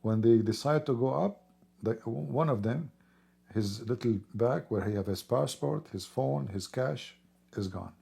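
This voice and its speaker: A hoarse man who is losing his voice talks in a rambling, emphatic way during a casual livestream, clearing his throat often. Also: mid-range voice, measured pace, mellow. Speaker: livestream host.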